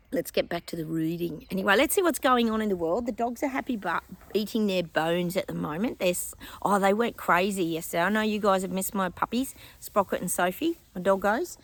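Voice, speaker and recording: A middle-aged Australian woman chatting casually to her viewers, rambling and laughing often as a psychic vlogger. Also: medium pitch.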